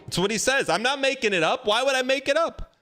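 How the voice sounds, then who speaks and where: A man's voice: very high voice, animated, quick pace, bright, forceful tone, soft background music. A man hosting a gaming livestream, chatting casually, joking and reading out chat. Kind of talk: casual chat while streaming a game.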